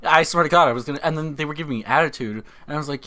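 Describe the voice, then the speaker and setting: A man guesting on a casual podcast, telling an animated, emphatic story. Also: fairly high pitch, racing, hardly any pauses.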